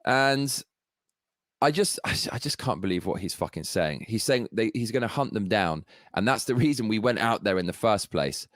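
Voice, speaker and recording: A man's voice: fairly low pitch, lively intonation, moderate pace, fairly bright tone, no echo, clean studio sound. Furious, foul-mouthed man ranting. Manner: profane, heated, sarcastic ranting. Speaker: political commentator. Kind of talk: angry political rant.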